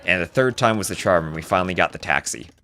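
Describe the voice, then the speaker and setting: Male game caster, deep register, lively swinging delivery, casual anecdotes between play-by-play. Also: fast, slight background noise. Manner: chatty, storytelling asides between excited play calls. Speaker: esports caster. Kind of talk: live game commentary with casual chat.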